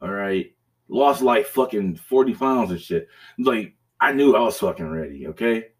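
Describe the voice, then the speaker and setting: Young guy on a podcast, low voice, swearing a lot and rambling through a story. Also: expressive, normal speed. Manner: profane, rambling, with laughs and restarts. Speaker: podcast host. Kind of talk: casual storytelling chat.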